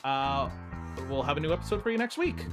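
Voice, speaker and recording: A man's voice: fairly high pitch, animated, fairly quick, over music. A man hosting a podcast in casual chat, laughing often and filling gaps with uh and um. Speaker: podcast host.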